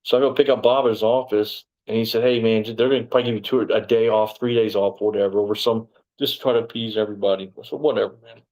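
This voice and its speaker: A man's voice: fairly low pitch, fast, low-quality recording. A middle-aged man, a former sheriff's deputy, recounting events in a casual interview, rambling and acting out the dialogue. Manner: rambling, animated retelling with quoted dialogue.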